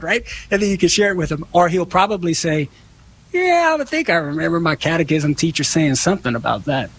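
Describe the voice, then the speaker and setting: A man's voice: fairly high pitch, animated, brisk, fairly bright tone, husky, rough recording. A man answering callers on a religious call-in show, talking conversationally and acting out quoted dialogue. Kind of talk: casual call-in radio talk.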